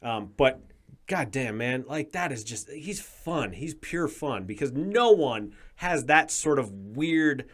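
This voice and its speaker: A man guesting on a podcast, telling stories in an animated, emphatic way during casual chat. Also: medium pitch, slow.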